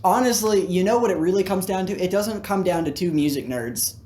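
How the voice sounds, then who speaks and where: A man's voice: high-pitched, a little fast, darkish tone. A man co-hosting a casual debate chat, playful and teasing, slipping into storytelling. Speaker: co-host.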